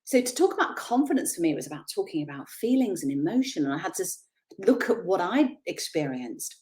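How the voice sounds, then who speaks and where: Chatty middle-aged woman giving a talk. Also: fairly low pitch. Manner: chatty, animated, quick to laugh at herself. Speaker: confidence speaker. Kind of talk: motivational talk.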